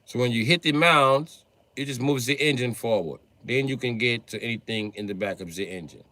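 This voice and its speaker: A man on a livestream who rants about cars in a profane, excitable way, now and then bursting into a shout. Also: mid-range voice, moderate pace, no echo. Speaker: livestreamer and car mechanic. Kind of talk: profane ranting livestream chat.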